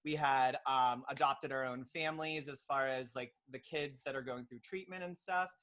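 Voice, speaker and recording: A man's voice: mid-range voice, steady tone, moderate pace, bright, forceful tone. A young man, a pediatric nurse, talking earnestly as a podcast guest, with lots of ums and likes. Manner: earnest, filler-heavy storytelling. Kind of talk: casual interview chat.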